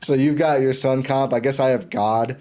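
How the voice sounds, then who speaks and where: A man guesting on a sports podcast, talking like an excited fan and often restarting his sentences. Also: mid-range voice, normal speed, background noise. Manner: enthusiastic fan, rambling with restarts. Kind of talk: casual sports chat.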